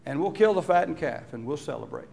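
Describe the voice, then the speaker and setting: A man voicing a stern father who lays out probation terms to a returning son, measured and bargaining, with his voice raised above his usual talk. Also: on the high side, animated, creaky, darkish tone.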